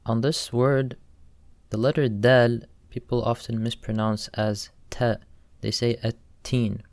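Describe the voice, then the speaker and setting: A man teaching pronunciation slowly and carefully, repeating each sound to demonstrate it. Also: medium pitch, fairly even intonation, dry recording. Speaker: recitation teacher. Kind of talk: instructional explanation.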